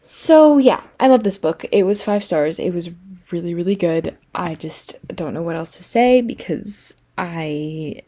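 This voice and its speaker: A woman's voice: lowish voice, lively intonation, unhurried, warm tone. A young woman from France chatting casually about a book she loved, with many fillers and repeated words. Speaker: book vlogger. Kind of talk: casual vlog talk.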